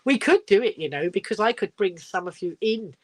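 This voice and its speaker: A woman's voice: medium pitch, animated, fairly quick, a little mellow. An older woman from England chatting casually on a live stream from her phone, rambling and giggly, reading out viewer comments. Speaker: livestream host. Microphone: phone camera.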